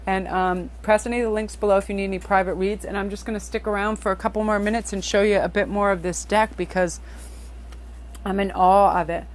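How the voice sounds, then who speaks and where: A woman's voice: medium pitch, fairly even intonation, fairly quick. A woman doing a casual tarot reading for her viewers, gushing over the cards and calling them "you guys". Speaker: tarot reader.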